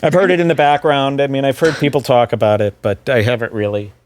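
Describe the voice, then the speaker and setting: A man's voice: mid-range voice, quick pace, a little hiss or hum. A man hosting a podcast, riffing in casual, mocking commentary. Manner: sarcastic, mocking, lively delivery. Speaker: podcast host.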